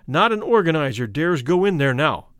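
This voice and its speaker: A man's voice: fairly high pitch, big pitch swings, normal speed, a bit bright, smooth, dry recording, studio quality. A man voicing a grim railway brakeman who gives an earnest warning in a storybook reading.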